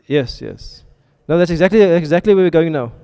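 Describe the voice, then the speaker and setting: Guy teaching a class, smooth clear voice, kinda high, lots of "you with me?" style check-ins, echoey hall. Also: a little fast, warm tone. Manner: keeps checking in with students, asks questions. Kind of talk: classroom grammar lesson. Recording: reverberant hall sound.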